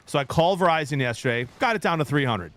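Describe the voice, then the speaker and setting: A man in his thirties with a fairly high voice chats casually with his livestream audience. He tells a rambling story and breaks off now and then to greet viewers. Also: animated, quick pace, a bit bright. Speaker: streamer.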